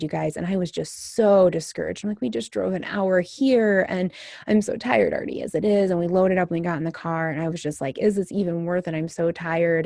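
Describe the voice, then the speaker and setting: A woman's voice: low-pitched, gravelly, mellow, no echo, studio quality. A young mother telling her own story candidly and emotionally, with many fillers and restarts. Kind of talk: candid personal storytelling to camera.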